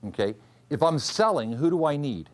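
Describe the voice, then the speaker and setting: A man's voice: a little high, very animated, normal speed. A man teaching a trading class, quizzing students and repeating key rules. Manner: questions the class and drills answers. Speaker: trading instructor. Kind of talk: classroom lecture.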